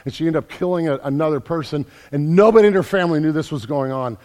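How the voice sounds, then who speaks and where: A man preaching a sermon as pastor, building from quiet earnest talk to loud emphatic calls. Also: a little high, quick pace. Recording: long hall reverb.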